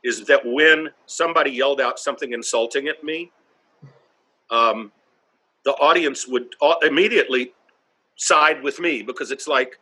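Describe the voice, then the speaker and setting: A man's voice: medium pitch, moderate pace, pushed and bright, slightly rough. A man who does stand-up comedy, telling blunt stories from the stage and swearing freely in a casual interview. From North Carolina, US.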